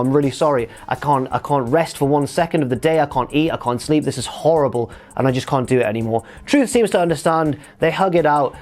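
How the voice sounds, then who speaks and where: A man's voice: high-pitched, a little mellow. A man giving a casual, chatty review, with wry and sarcastic asides. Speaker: wrestling show reviewer.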